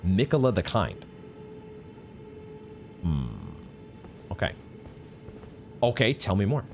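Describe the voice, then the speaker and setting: A man's voice: lowish voice, big pitch swings, slow, background noise. A man streaming a blind playthrough of a video game, chatting and musing aloud in a playful way. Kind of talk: live gameplay commentary. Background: game music.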